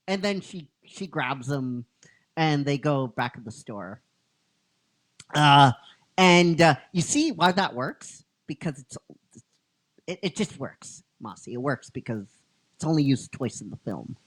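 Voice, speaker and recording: A man's voice: on the high side, lively intonation, unhurried, fairly bright tone. A man casually retelling a fan-written story, rambling, laughing often and teasing his cohost. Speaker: storyteller narrating a fan script.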